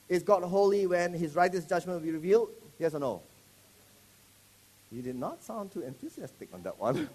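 Male preacher, fairly high voice, lively and jokey, throws questions at the crowd. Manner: animated, joking, quizzes the audience. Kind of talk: sermon to a live congregation.

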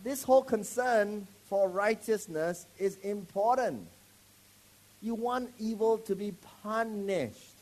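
A man preaching a sermon, animated and joking, quizzing his congregation with questions. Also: sits high, takes it slowly.

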